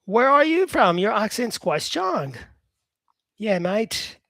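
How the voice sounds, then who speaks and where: A man's voice: high voice, big pitch swings, vocal fry, pushed and bright, dry recording. A male English teacher with an Australian-influenced accent, chatting with viewers on a live-stream lesson and filling his talk with "yeah", "um" and "mate". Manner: chatty, unhurried, lots of "yeah" and "um" fillers, calls people "mate".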